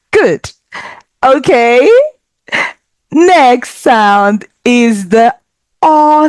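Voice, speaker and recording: A woman teaching a children's language lesson, speaking slowly and with careful, encouraging enunciation. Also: mid-range voice, a little mellow, no room sound, studio quality.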